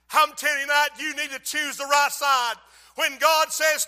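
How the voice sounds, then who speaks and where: Preacher, high, bright and shouting. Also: male voice, moderate pace. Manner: shouting, dramatic storytelling with sudden hushed drops. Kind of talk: fiery revival sermon. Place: church. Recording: echoey church hall.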